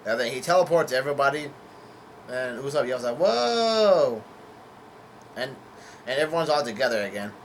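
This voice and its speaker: A man's voice: medium pitch, fast, a bit bright, a little hiss or hum. A man casually reading through and summarizing a comic chapter, hesitant, with many fillers and self-corrections. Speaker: manga chapter reader. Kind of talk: casual manga read-through.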